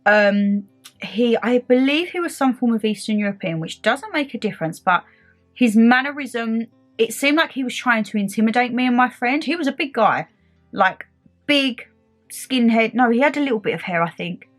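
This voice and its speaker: Young woman, casual storytime vlogger, fired-up and chatty, soft music bed. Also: on the high side, normal speed. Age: young adult. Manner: animated, indignant retelling with quoted back-and-forth. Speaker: beauty vlogger.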